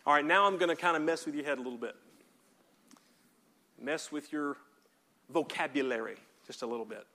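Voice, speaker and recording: High-voiced preacher man, emphatic. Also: a little fast, pauses often, pushed and bright. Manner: emphatic, asks the congregation to repeat words. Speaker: pastor. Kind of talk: sermon.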